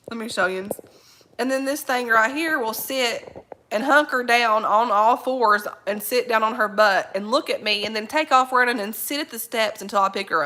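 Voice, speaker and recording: A woman's voice: fairly high pitch, pushed and bright. A woman hosting a casual live chat, greeting viewers by name, rambling in folksy slang and laughing often. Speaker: livestream host reading viewer comments.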